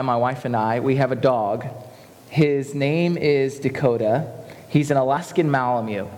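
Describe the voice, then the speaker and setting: Earnest preaching man in a reverberant hall. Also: medium pitch. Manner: earnest, rising to emphatic preaching. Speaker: pastor. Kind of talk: sermon.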